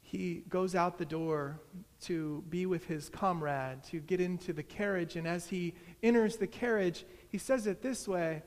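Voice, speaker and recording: A man preaching a sermon, retelling a story slowly and dramatically in a large church. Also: high-pitched. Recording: long hall reverb.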